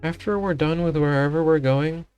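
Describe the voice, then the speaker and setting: A woman voicing a gentle, timid young male lynx in a visual novel read-along, soft and sheepish. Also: deep voice, normal speed, smooth, faint music behind, close to an everyday voice. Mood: quiet.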